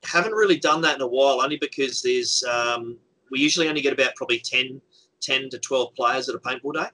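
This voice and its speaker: Bright-voiced man rambling casually. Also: mid-range voice, quick pace, poor audio. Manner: rambling, many fillers and restarts. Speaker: guest, game organizer. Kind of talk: casual chat.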